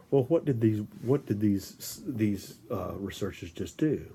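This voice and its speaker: A man giving an informal lecture, halting, with frequent restarts and filler words. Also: fairly low pitch, creaky, a little hiss or hum. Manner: animated storytelling with acted-out quotes.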